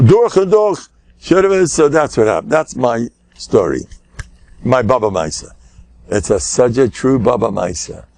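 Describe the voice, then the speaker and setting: An older man, a rabbi, giving a Torah lecture as an animated storyteller, sprinkling in Yiddish words and shouting his punchlines. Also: a little high, no echo. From United States.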